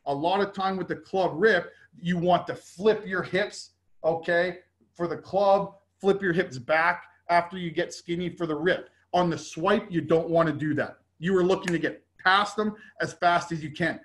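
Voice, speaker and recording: A man with a fairly high voice walks through football drills like a coach at an online clinic. He keeps it casual and checks in with "okay?" after nearly every phrase. He punches out short repeated cues like "get down low.". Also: moderate pace. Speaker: football defensive line coach. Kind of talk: instructional clinic talk over drill video.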